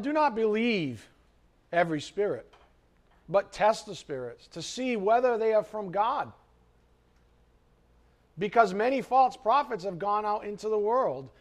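Animated high-voiced male preacher. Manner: animated, acts out quoted voices. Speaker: pastor. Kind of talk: sermon.

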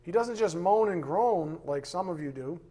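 A man leads a Bible class in a loose, conversational way. His voice sits a little high for a man, and he jokes and slips into playful voices while he teaches. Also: moderate pace. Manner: animated, joking, acts out voices.

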